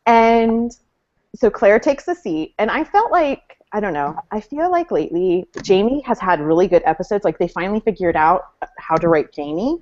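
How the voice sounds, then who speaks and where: Over a video call picked up by a webcam mic, which cuts off the highs, a woman co-hosts a casual fan chat as a podcast co-host. She is opinionated and chatty, with lots of fillers, and her medium-pitched voice is expressive, darkish, and moderately paced.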